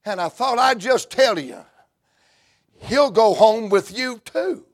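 A man with a Southern US accent preaching a fervent revival sermon in a church, moving from hushed talk to shouts. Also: sits high, animated, slow, dry recording, studio quality.

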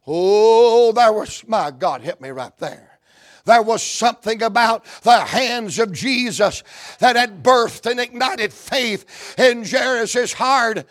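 A preacher with a strikingly high voice delivers his sermon slowly and deliberately. He builds fervent, rhythmic runs of phrases and breaks into shouts.

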